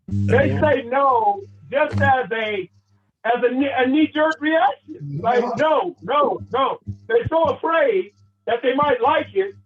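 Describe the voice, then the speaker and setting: A man giving a playful motivational talk to a sales team, acting out little scenes as he goes. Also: very high voice. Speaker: motivational speaker. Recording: tinny phone-like sound.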